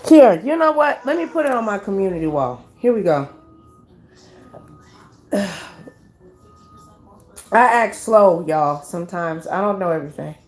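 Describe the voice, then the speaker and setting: A woman hosting a casual live stream, chatting with her viewers as "y'all" and reading numbers out slowly. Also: medium pitch, expressive.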